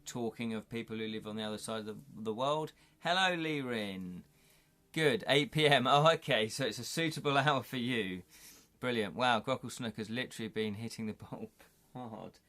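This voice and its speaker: A man's voice: medium pitch, normal speed, pushed and bright. Middle-aged male host, live-stream banter, laughs a lot, casual. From United Kingdom. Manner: chatty, jokey, laughs often. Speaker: livestream host. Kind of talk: casual chat reading live comments.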